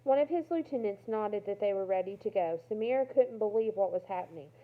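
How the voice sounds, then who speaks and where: A woman reading a novel aloud in a steady way, adding brief asides. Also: medium pitch, fairly quick. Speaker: reader. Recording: tinny phone-like sound.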